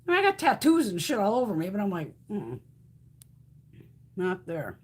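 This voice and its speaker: A woman's voice: mid-range voice, very fast, slightly rough. A woman in her fifties chatting casually on a live stream, blunt and profane, telling stories with lots of animation. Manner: blunt, swears freely, animated storytelling.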